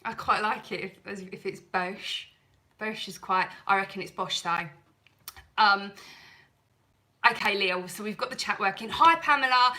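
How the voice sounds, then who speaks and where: Woman, cleaning channel host, live stream chat, slow and unhurried, bright and forceful voice, rambling. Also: mid-range voice, poor audio. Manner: chatty, rambling, self-deprecating.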